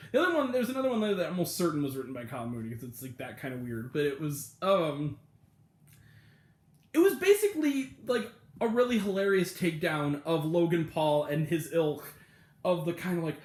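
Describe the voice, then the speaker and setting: A man giving a casual, rambling spoken review of a comedy show, full of fillers and laughter, acting out quoted lines in other voices. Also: sits high. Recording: echoey room.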